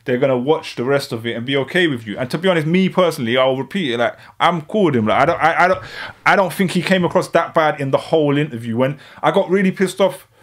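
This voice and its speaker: A man's voice: on the high side, lively intonation. A man, giving a thoughtful live reaction commentary and often checking in with the viewers. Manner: thoughtful, measured, frequent "you know what I'm saying". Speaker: streamer reacting to clips.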